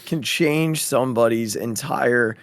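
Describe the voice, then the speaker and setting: A man's voice: medium pitch, takes it slowly, no echo. Earnest teacher guy cohosting a podcast, lots of ums, dry no-room sound. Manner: earnest, reflective, many fillers and restarts. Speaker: podcast co-host. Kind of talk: casual chat.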